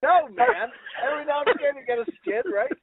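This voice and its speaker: A man hosts a casual comedy podcast, telling rambling, profane stories. His voice sits high and swings widely in pitch. It comes through a tinny, phone-like line. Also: very animated, quick pace, gravelly, crowd noise. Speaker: podcast host. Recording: tinny phone-like call audio.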